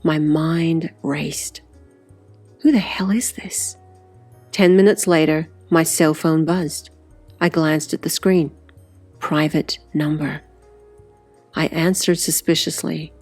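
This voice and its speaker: A woman's voice: low voice, fairly even intonation, takes it slowly, pauses often, darkish tone, faint music behind. A woman reading a first-person story aloud as audiobook narrator, in a conversational style with wry asides.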